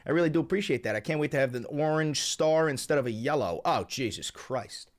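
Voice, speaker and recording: Profane ranting man streamer, higher voice. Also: animated, a little fast. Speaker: live streamer. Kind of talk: casual live-stream chat.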